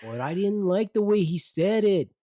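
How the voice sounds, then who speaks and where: A man's voice: high voice, animated, normal speed, dark tone, no echo, studio quality. A man co-hosting a casual podcast chat, blunt and teasing in how he talks. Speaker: podcast co-host.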